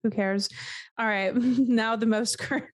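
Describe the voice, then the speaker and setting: A woman's voice: fairly high pitch, fairly even intonation, unhurried, no echo, studio quality. A woman co-hosting a casual podcast chat, blunt and incredulous, swearing freely as she reacts. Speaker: podcast co-host.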